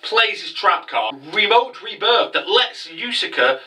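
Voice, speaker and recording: Sweary guy recapping an anime, really bright higher voice, sitting a bit back from the mic. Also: distant mic, rough recording. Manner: excitable, sweary, quick asides. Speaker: anime review host. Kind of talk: casual recap vlog with swearing.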